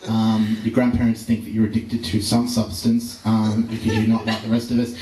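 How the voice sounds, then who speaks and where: A man's voice: on the low side, monotone, moderate pace, dark tone, pitched below the performer's own voice, lightly acted. A man voicing his worried, nagging middle-aged mother in a stand-up set, earnest and fretting. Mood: fretful. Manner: earnest, fretting, advice-giving. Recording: roomy live venue recording from far off.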